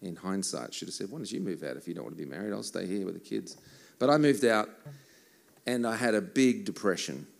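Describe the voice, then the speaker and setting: A man with a somewhat low voice talks casually from the stage between worship songs. He tells stories in a joking, self-mocking way and keeps the banter loose. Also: animated, fairly quick, creaky. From Australia. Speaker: worship musician and songwriter. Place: church service.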